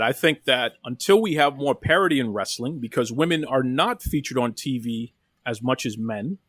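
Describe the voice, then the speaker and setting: A man's voice: medium pitch, a bit bright, no echo. A man hosting a casual wrestling podcast, talking with enthusiasm and often repeating phrases. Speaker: podcast host.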